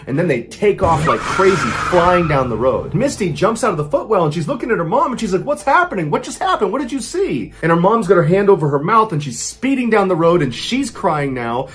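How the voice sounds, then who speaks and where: Dramatic male storyteller, very lively pitch. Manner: dramatic, swings from hushed to excited. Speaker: storyteller host. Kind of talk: true scary story narration.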